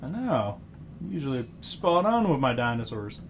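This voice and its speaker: Excitable man stumbling over names. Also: mid-range voice, moderate pace, creaky, slight background noise. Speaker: podcast host. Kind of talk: casual chat.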